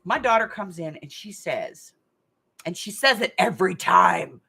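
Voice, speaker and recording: A middle-aged woman hosting a craft channel's casual live stream game rambles through stories and laughs often in a hot room at home. Her lowish voice is slightly rough, pushed and bright, a little slow, with huge pitch swings.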